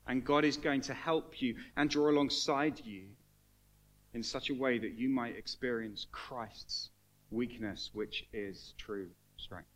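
A man preaching a sermon to a congregation, earnest and emotional, building to fervent emphasis and then falling quiet. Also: medium pitch. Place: church hall with congregation.

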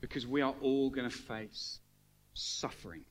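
An earnest male preacher delivering a sermon in a church hall. His voice is mid-pitched and sincere. He builds to fervent emphasis, then falls quiet and reflective. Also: unhurried, faint music behind.

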